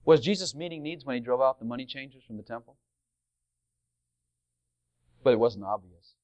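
A man preaching a sermon to a congregation, asking rhetorical questions and swinging into loud emphatic passages. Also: mid-range voice, expressive, moderate pace, muffled recording.

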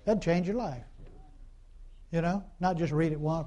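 A man's voice: a little high, unhurried, warm tone. A man preaching a conversational sermon in a folksy, repetitive way, full of fillers and call-and-response asides.

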